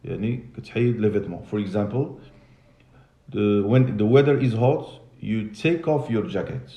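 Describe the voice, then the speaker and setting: A man's voice: fairly low pitch, moderate pace, warm tone, highs cut off. A man teaching English to a class, patiently repeating and spelling out words and switching into Arabic and French. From Morocco. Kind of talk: classroom lesson. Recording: echoey classroom.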